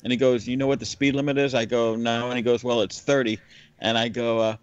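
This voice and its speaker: A man in a casual podcast chat, telling a relaxed, low-key anecdote. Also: quick pace, smooth, no room sound, dull audio.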